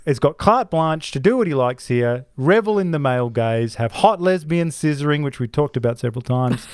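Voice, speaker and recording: Male podcast co-host, fairly high voice, opinionated rant, dry close sound. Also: animated, normal speed, smooth, dry recording. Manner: ranting, many restarts and asides. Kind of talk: opinionated casual chat.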